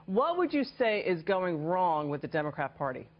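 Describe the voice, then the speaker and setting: A host asking a guest questions in an interview, warm and encouraging toward them. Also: medium pitch, big pitch swings, moderate pace. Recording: dull lo-fi broadcast audio.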